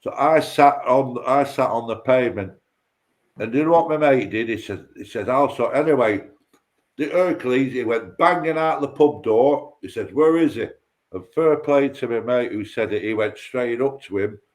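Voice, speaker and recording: A man's voice: medium pitch, moderate pace. A man telling a rambling, sweary story on a casual livestream chat, repeating himself and tripping over his words.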